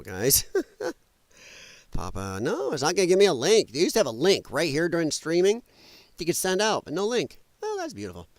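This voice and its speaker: A man's voice: mid-range voice, dry recording. A man hosting a livestream, ranting angrily and bluntly with some profanity while working at his computer. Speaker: livestream host. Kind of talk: heated political livestream rant.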